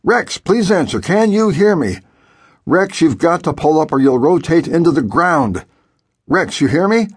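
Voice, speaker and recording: Casting note: man playing a desperate pilot on the radio, husky, high and urgent. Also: big pitch swings, normal speed, few pauses. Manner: urgent, pleading radio instructions. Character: tense adult male pilot talking down a plane.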